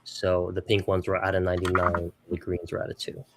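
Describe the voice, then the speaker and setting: A man with a somewhat low voice co-hosts a casual podcast. He explains things patiently and methodically, in an easygoing conversational tone. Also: monotone, brisk, heavy background noise. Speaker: podcast co-host, card collector. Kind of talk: casual chat.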